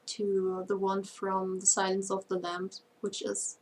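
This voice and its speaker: A woman's voice: mid-range voice, monotone, unhurried. Chatty German-accented woman. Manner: chatty, laughs often, many fillers. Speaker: band member co-hosting a livestream. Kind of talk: casual livestream chat.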